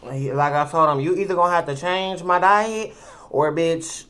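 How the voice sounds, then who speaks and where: Talking to the camera at home while she eats, a tipsy vlogger chats in a smooth, slightly bright voice of medium pitch at a moderate pace. She's sassy, rambling and full of swearing, calling her listeners "girl," and the camera mic picks it all up.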